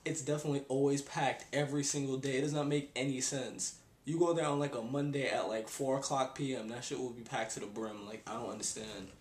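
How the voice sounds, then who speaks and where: Ny dude ranting on webcam, sighs a lot, slangy, mid voice, echoey room. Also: male voice, mid-range voice, fairly even intonation, brisk, slight background noise. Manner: exasperated, sighing, slangy. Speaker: vlogger. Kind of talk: casual rant.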